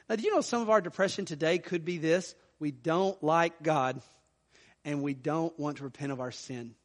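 Male pastor, high voice, animated sermon delivery in a reverberant church hall. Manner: animated, rising loud for emphasis, reads scripture aloud. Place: church sanctuary.

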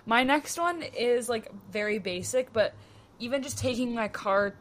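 A woman's voice: fairly high pitch, unhurried, slight background noise. Chatty young woman telling stories. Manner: chatty storytelling, says "like" a lot. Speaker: podcast co-host. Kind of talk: casual chat.

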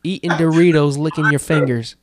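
A man's voice: a little high, steady tone, fairly quick, over a noisy crowd. Young man hosting a laid-back chat. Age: young adult. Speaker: podcast host. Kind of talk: casual chat.

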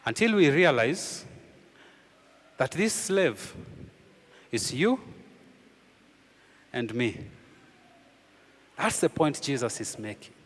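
A man preaching a sermon as pastor, emphatic, with rhetorical questions, often sinking low and quiet to drive a point home. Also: very animated, takes it slowly, pauses often, long reverb tail.

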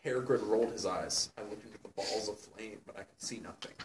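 A man co-hosting a comedy show, reading a fan fiction aloud dramatically and laughing at it, sometimes putting on squeaky voices. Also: fairly quick, distant mic, noisy background. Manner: mocking, laughing, breaks into loud squeaky character voices.

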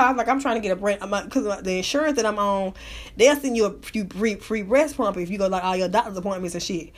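A woman with a high voice holds forth on a live stream, ranting and cursing as she tells her story. She sounds hyped up and animated, swearing freely throughout. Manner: profane, animated, hype.

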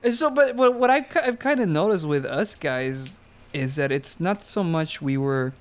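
A man's voice: a little high, expressive, normal speed. A man co-hosting a podcast, joking and reflecting in casual chat. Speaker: podcast co-host.

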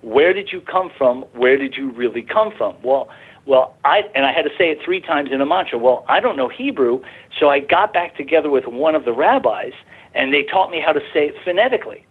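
A man calls in to a radio talk show and tells his story in a rambling, halting way, restarting sentences and growing excited. His voice is husky and comes through a thin, tinny phone line. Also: a little high. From Arizona, USA. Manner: rambling, repeats words and restarts, grows excited. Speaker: radio guest.

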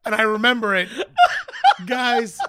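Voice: mid-range voice, a little slow. A podcast co-host in casual comedy chat, telling a story with lots of laughing and reading aloud. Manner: animated, laughs often, reads aloud.

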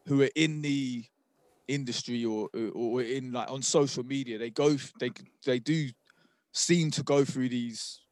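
A man, a rapper, telling a story on a podcast in a halting, measured way. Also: mid-range voice, steady tone, darkish tone, no room sound. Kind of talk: casual chat.

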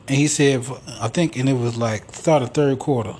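A man's voice: mid-range voice, fairly even intonation, normal speed, a little mellow. A man hosting a podcast alone, telling stories in a rambling, profane, casual way. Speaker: podcast host. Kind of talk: casual solo monologue.

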